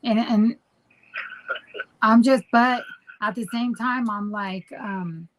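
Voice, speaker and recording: A woman's voice: fairly high pitch, slow pace, a little hiss or hum, low-quality recording. Chatty woman co-hosting a podcast. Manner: rambling, teasing, goes back and forth. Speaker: podcast co-host. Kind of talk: casual chat.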